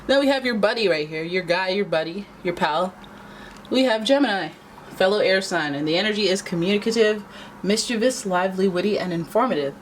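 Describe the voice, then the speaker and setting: A woman giving a casual tarot reading to camera, chatty and playful, often jumping into asides and making her voice jump up on exclamations. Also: a little hiss or hum. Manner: animated, pitch often jumps up on exclamations. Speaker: tarot reader.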